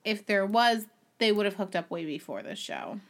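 A woman's voice: medium pitch, sing-song, normal speed. A woman co-hosting a podcast who chats bluntly and laughs often, with a lot of "like" in her talk. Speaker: podcast co-host. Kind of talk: casual reality-TV recap chat.

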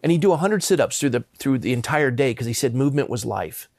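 A man's voice: mid-range voice, animated, fast talker, darkish tone, no room sound, studio quality. Earnest, stammering middle-aged storyteller man. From Southern California. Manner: earnest, emphatic, with frequent stammered restarts. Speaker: guest. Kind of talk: personal storytelling.

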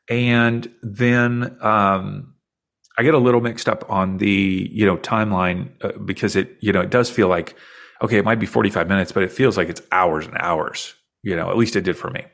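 Gravelly low-voiced man telling his story. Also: steady tone, moderate pace, fairly bright tone. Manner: earnest, reflective, openly emotional recounting. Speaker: podcast guest. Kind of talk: personal storytelling in conversation.

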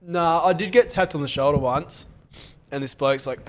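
An Australian man on a podcast, telling anecdotes in low-key, dry casual banter. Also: normal speed. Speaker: podcast co-host.

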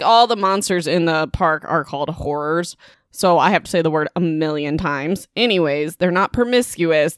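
A woman podcast host casually retelling a book's plot, chatty and full of fillers and asides. Her voice is smooth and clear. The sound is dry and close. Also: fairly low pitch, no room sound. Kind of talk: casual book recap.

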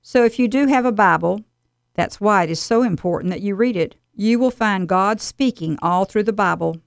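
Woman, radio devotional, earnest exhortation, gravelly edge, dry studio sound. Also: mid-range voice, normal speed, no echo.

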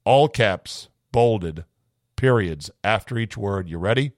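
A man hosting a podcast, reading listener mail in a wry, sarcastic, rambling way, his voice slightly hoarse. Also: lowish voice, expressive, slow, no room sound, clean studio sound. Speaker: podcast host.

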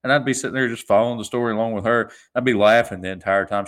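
A man's voice: mid-range voice, fast talker, few pauses, fairly bright tone. A man in his twenties hosting a solo podcast, telling stories in a rambling, chuckling way with many restarts. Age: 20s. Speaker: podcast host. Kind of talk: casual solo podcast storytelling.

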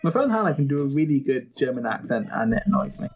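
A man's voice: mid-range voice, very animated, fast, darkish tone, lo-fi sound. A man co-hosting a casual watchalong podcast, chatty and knowledgeable, laughing often. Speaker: podcast co-host.

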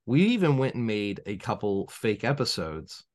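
A fairly low-voiced man speaks at a moderate pace in a casual podcast chat. He's the game master, an animated storyteller who rambles, restarts frequently, and voices the people in his quotes.

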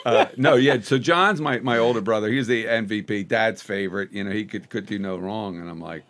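A man's voice: lowish voice, brisk. A comedian in his sixties, a guest on a podcast, telling family stories in casual chat and acting out the voices in them. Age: 60s. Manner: animated, acts out the voices in his anecdotes.

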